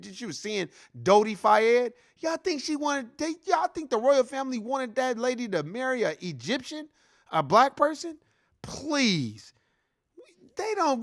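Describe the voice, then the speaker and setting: A man's voice: high voice, a bit bright. A man giving a heated, profane reaction commentary in a casual, repetitive ranting style.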